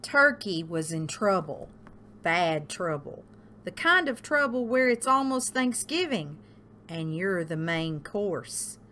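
Lively, expressive woman reading a storybook. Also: slow pace. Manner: expressive, sing-song storytelling with big pitch leaps for the animals. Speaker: library story time reader. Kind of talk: reading a picture book aloud to children.

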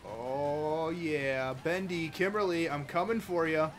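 A man hosting a live racing game stream, chatty and excitable, talking to chat and to his cat at home. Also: slow pace, soft background music. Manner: excitable, chatty, bursts into high-pitched baby talk with his cat. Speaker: livestream host. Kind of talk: live gameplay commentary.

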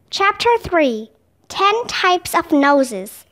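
High, lively woman reading a story. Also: unhurried. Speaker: storybook reader. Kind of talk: children's book read aloud.

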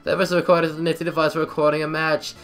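A man voicing a grandiose, self-important male detective, reading the game's dialogue louder and higher than his own voice. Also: little pitch movement, racing, soft background music. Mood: pompous. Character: bold theatrical male detective.

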